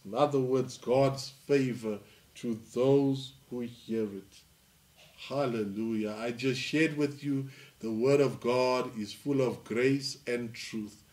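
Slow, deliberate male pastor preaching. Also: medium pitch, darkish tone. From South Africa. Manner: slow and deliberate, rising to emphatic reading of scripture. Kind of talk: sermon.

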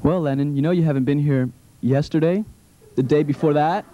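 A man's voice: fairly high pitch, warm tone, muffled recording, a little hiss or hum, close to an everyday voice. Teen boy doing a scolding female teacher. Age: late teens. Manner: rapid, scolding.

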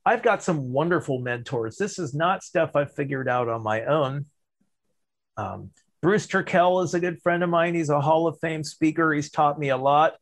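A man who coaches storytelling and public speaking, answering interview questions in an animated way, shifting his loudness and pausing for emphasis. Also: a little high.

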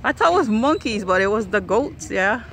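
A woman's voice: mid-range voice, expressive, normal speed, fairly bright tone, a little hiss or hum. A woman chatting casually while filming animals outdoors at a ranch, cooing at them in a playful sing-song voice. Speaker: vlogger filming a ranch visit. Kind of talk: casual running commentary.

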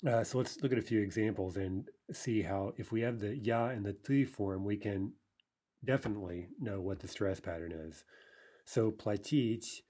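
A man teaches a recorded language lesson step by step, checking in with "right?" as he carefully sounds out foreign verb forms. His voice is fairly low-pitched and dark-toned, at a moderate pace.

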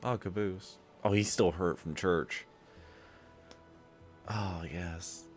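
A deep-voiced man tosses off relaxed, joking reaction comments at an unhurried pace. His pitch moves around a lot, and loud show music plays under his voice. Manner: relaxed, joking asides over the clip. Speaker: reaction video host. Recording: show audio playing loudly under his voice.

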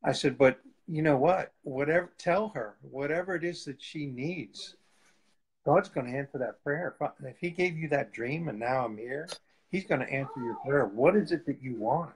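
Brief: male guest evangelist, casual storytelling, mid pitch, acts out the quotes. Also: moderate pace, slightly rough, rough recording. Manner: lively storyteller, laughs often, acts out quotes.

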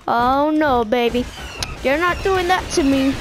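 Excitable high-voiced woman gaming. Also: unhurried, noisy background. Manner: excitable, silly boasting. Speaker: gaming video maker. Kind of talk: let's-play commentary. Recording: game music over the voice. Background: video game music.

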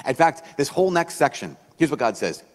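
A man preaching a sermon as a priest, in a conversational, animated way, acting out the voices he quotes. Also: fairly high pitch, a little fast. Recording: long hall reverb.

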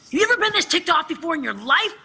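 A man's voice: very high-pitched, very animated, gravelly, bright, forceful tone, pitched above the performer's own voice, exaggerated voice. A man voicing a hot-headed teenage boy from a game, ranting indignantly. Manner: indignant, quick, rising rants.

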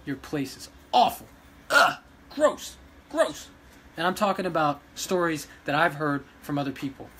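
A man who runs a dog rescue, ranting emotionally to his followers, pleading one moment and shouting defiance the next. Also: a little high, a little hiss or hum. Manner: agitated, pleading, swings between quiet and loud. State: emotional after crying. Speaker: vlogger running a dog rescue.

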